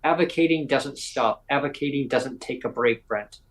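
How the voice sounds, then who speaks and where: A man's voice: medium pitch, normal speed, poor audio. A man from Canada co-hosting a live podcast, telling stories in a rambling way with many restarts. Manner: rambling storyteller, many restarts and acted quotes. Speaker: podcast co-host. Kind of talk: casual chat. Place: livestream from home.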